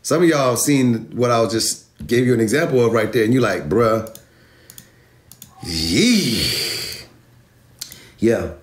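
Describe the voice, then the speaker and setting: A man's voice: mid-range voice, a little fast, few pauses. A man teaching online marketing in a casual livestream, brash and profane, talking to his viewers with swagger. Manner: addresses viewers as y'all.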